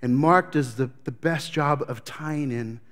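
A man's voice: mid-range voice, unhurried, a bit bright. A man preaching a sermon as pastor, telling the story with animation and acting out scenes.

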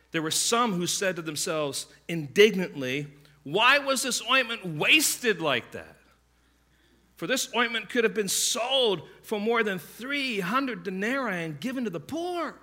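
A man preaching a sermon, telling stories in a conversational way and acting out the voices of the people in them. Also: a little high. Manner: conversational, animated storytelling with quick asides; acts out quoted voices. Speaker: pastor.

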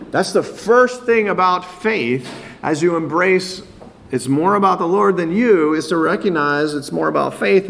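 A man's voice: fairly high pitch, gravelly. A man preaching a sermon, earnest, often repeating words as he builds a point. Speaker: pastor.

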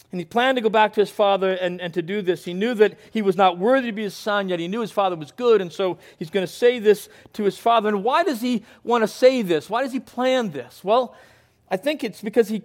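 A male pastor preaching a sermon in an earnest way, moving between quiet, thoughtful passages and emphatic ones. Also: sits high.

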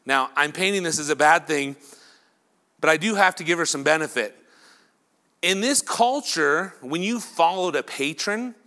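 A male pastor giving a lively sermon who acts out imagined dialogue between the people in his story. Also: a little high. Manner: animated preaching, acting out imagined dialogue.

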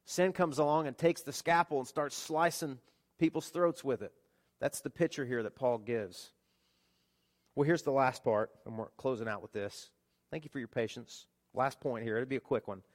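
A pastor preaching a sermon, telling stories with lively rhetorical questions to his congregation. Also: mid-range voice, moderate pace.

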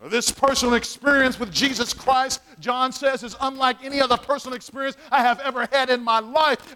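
High-pitched, bright-voiced preacher man. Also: fairly quick, few pauses, low-quality recording. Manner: emphatic, repeats key phrases, calls out to the congregation. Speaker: pastor. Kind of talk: sermon.

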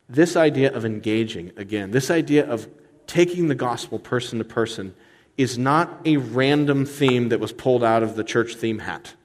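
A pastor preaching a sermon with emphatic delivery, slowing down to stress key words and climbing high in pitch when he builds a point. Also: darkish tone, long reverb tail.

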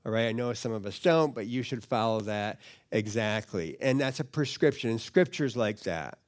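A man with a lowish voice and lively intonation gives a teaching sermon at a moderate pace. He speaks conversationally to the live audience, often repeats words and puts questions to his listeners.

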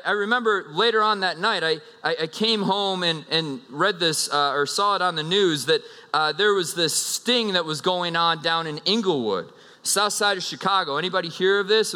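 Pastor, thirties, male: bright, fairly high voice, casual storyteller from the pulpit, hall reverb. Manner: casual, animated storytelling with asides. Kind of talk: sermon with a personal story.

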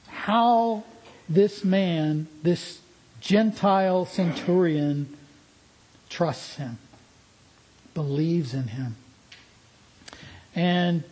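A man's voice: a little high, mellow, slightly rough, poor audio. A man preaching a sermon in an earnest, emphatic way, asking his listeners pointed questions.

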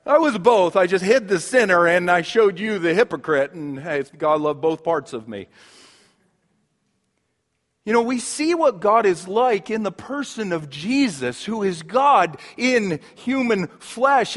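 Male pastor mid-sermon, slow and deliberate, long hall echo behind him. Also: high voice, lively intonation. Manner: swings from hushed intimacy to sudden emphatic outbursts.

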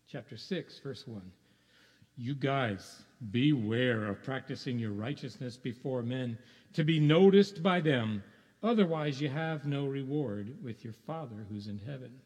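Pastor preaching in a reverberant hall. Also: male voice, medium pitch, lively intonation, unhurried, a little mellow. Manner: conversational preaching, rhetorical questions, chuckles. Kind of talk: sermon. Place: church sanctuary.

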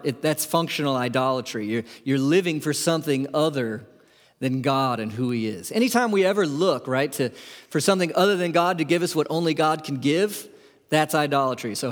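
Man, pastor, sermon, slightly high voice, conversational, questions the congregation, reverberant church hall. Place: church sanctuary.

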